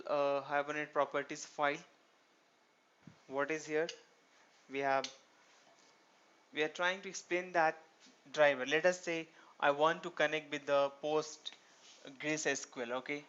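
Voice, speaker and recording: A man walks through a programming lesson, asking himself rhetorical questions and checking in with "right?" His voice is smooth and fairly high. The recording sounds dull and lo-fi. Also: fairly bright tone. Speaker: programming instructor. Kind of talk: screen-recorded tutorial lecture.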